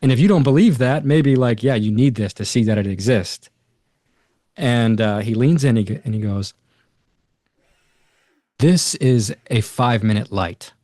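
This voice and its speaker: A man's voice: mid-range voice, normal speed, dry recording, clean studio sound. A man, a podcast guest, telling a personal story in casual conversation, acting out the other people's lines and using lots of fillers. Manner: animated retelling with quoted voices and many fillers.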